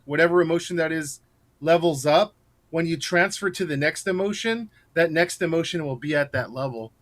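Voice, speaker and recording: A man's voice: a little high, fairly bright tone. A man, a guest on an interview, telling stories in a loose, rambling way with lots of restarts and laughter. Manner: rambling storyteller, many fillers and restarts, laughs while telling. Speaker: guest scare actor. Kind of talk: casual interview chat.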